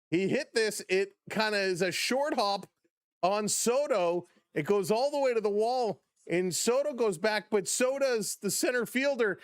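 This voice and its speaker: A man hosting a live baseball play-by-play stream, excitable on big plays, chuckling often and greeting chat viewers by name. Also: high-pitched, no room sound.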